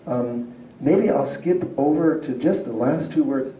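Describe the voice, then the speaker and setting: Male lecturer, very mellow dark voice, heard from afar in an echoey hall, chatty and explanatory. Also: medium pitch, measured pace, a little hiss or hum. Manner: explanatory, asks the audience questions, chuckles often. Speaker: university linguistics lecturer. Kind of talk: public lecture to a community audience. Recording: roomy hall picked up from a distance.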